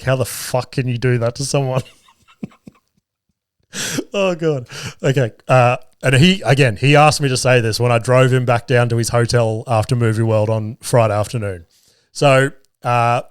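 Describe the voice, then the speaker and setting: A man's voice: mid-range voice, dry recording. Australian guy in his thirties hosting a podcast, loose and sweary, chuckling through his stories, dry studio mic. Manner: sweary, laughs often while telling stories. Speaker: podcast host. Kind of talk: casual storytelling chat.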